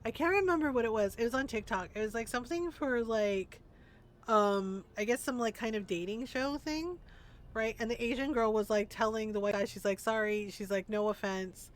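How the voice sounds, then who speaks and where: A woman's voice: a little high, normal speed. A young adult woman streaming a video game, chatting casually, teasing and laughing often. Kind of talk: casual gameplay commentary.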